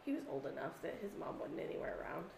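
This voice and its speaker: A woman co-hosting a podcast in casual chat, an animated storyteller who swears freely. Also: sits low, quick pace, gravelly, echoey room, noisy background. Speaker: podcast co-host.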